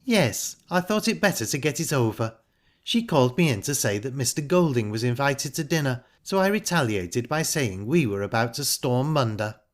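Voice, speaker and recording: A man voicing a calm, sharp-tongued young woman who speaks in a pointed, ironic way. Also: mid-range voice, moderate pace, voice pushed up, natural voice. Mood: pleased. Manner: cool, pointed and cutting.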